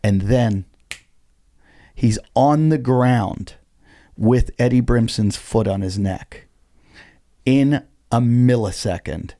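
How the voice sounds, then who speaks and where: A man who is a comedian, telling a story on a podcast in an animated way and swearing freely. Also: mid-range voice, slow pace, pauses often, no room sound, studio quality. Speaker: comedian guest. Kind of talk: casual podcast chat.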